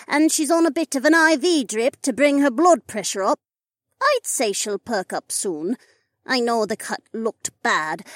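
Brief: chirpy young female nurse, very high and sing-song, put on by a male narrator. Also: no room sound, studio quality. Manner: chirpy, reassuring.

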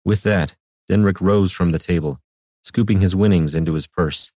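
A man narrating a fantasy audiobook in a measured, even storytelling manner. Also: sits low, slightly rough, no room sound, clean studio sound.

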